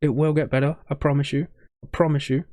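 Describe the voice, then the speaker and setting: A man's voice: on the high side, flat delivery, fast talker, a little mellow, no room sound, clean studio sound. A young man hosting a reaction video, choked up with a shaking voice, rambling and stumbling over his words in casual commentary.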